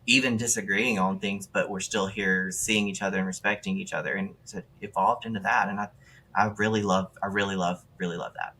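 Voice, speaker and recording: Chatty Southern man, bright voice. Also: on the low side, slight background noise. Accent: Mississippi Southern. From Mississippi. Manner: chatty, animated, many fillers. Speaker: podcast guest. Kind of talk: casual interview chat.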